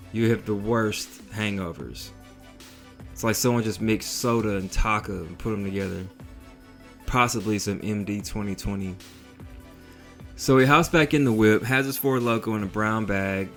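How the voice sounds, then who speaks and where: A man telling a story in a casual vlog, in a slangy, profane, animated way. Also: lowish voice.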